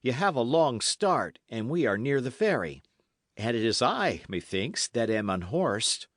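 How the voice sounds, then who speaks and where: A man voicing a bold, cheerful young squire who speaks loudly and forthrightly in an old-fashioned storybook tale. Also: medium pitch, sing-song, a little slow, no echo, clean studio sound. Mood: hearty. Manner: loud, hearty, forthright.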